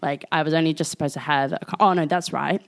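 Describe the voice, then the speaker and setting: Podcast co-host: young woman, low voice, lively storyteller who swears. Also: fast, gravelly. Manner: animated storytelling, acts out quotes, swears freely. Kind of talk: casual chat.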